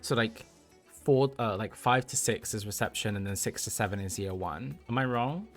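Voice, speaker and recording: A man's voice: lowish voice, moderate pace, faint music behind. A man in his thirties, a livestream host telling a story to his chat, talking casually and laughing often. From United Kingdom. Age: 30s.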